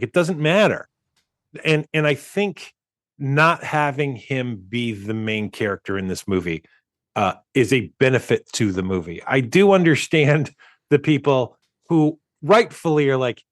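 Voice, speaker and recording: A man's voice: mid-range voice, animated, a little slow, no echo. Casual guy on a movie podcast, rambles and restarts, dead dry sound. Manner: rambling, restarts often, chuckles while talking. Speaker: podcast co-host.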